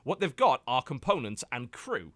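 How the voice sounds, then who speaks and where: A British man hosts a podcast chat, his pitch leaping up and down as he jokes and mimics. The sound is dry and close to the mic, with no room around him. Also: dry recording. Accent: British English. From United Kingdom. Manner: animated, joking, quick to mimic and exaggerate. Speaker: podcast host. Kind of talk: casual chat.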